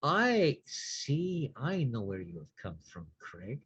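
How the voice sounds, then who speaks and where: A composed male vampire who gently presses a lost spirit for answers, as a man plays him. He asks his questions patiently and adds dry jokes. The sound is dull and dry, with a husky edge. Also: medium pitch, wildly swooping pitch, slow pace, no room sound, full character voice. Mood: probing. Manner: patient, probing, dry wit.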